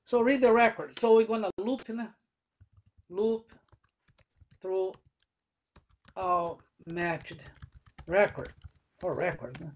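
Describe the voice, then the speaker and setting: Slow-talking prof walking thru code line by line, muffled lo-fi sound. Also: male voice, sits high. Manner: talks through code step by step, often asking "né?" or "right?". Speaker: professor. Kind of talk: live coding lecture. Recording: dull lo-fi recording.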